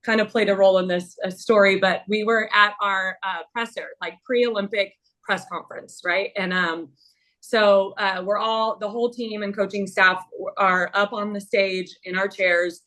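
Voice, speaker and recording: A woman in her thirties sharing a personal story as a webinar panelist, candid and halting with many fillers. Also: mid-range voice, steady tone, fairly bright tone.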